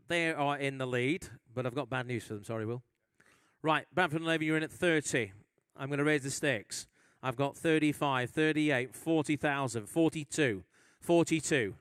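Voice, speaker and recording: Smooth-voiced male auctioneer calling bids. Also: a little high, a bit bright, dry recording. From England. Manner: brisk bid-calling with teasing asides. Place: auction hall at a live sale.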